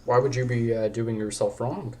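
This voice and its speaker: Over slight background noise, a young man hosts a podcast in a loose, rambling style, cracking jokes and interrupting his own sentences. He speaks at normal speed in a mid-range, dark-toned voice with fairly even intonation.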